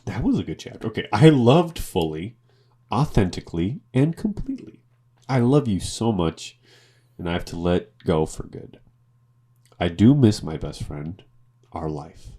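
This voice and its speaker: A man with a low voice reads posts aloud in a lofty, pompous tone, his pitch rising and falling widely with every line. He sounds a little drunk. He cuts in now and then with loud swearing. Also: lively intonation, a little slow, long pauses, slightly rough. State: tipsy from drinking. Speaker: podcast co-host. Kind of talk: reading posts aloud in a mock-dramatic voice.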